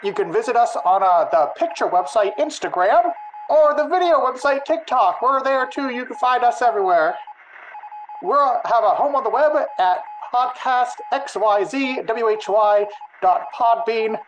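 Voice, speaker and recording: A man's voice: very high voice, animated, unhurried, a little hiss or hum, poor audio. A male podcast co-host voicing an old-timey, mock-formal announcer with a put-on transatlantic accent. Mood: mock-grand.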